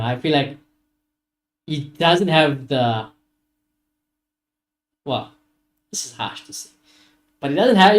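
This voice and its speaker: A young man, ranting animatedly and swearing as he hosts a casual football watchalong stream. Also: mid-range voice. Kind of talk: casual live-stream chat.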